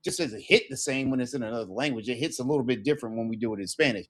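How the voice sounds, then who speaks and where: A man's voice: medium pitch, sing-song, very fast, a bit bright. A middle-aged man teaching an online Spanish lesson, repeating phrases with rising emphasis.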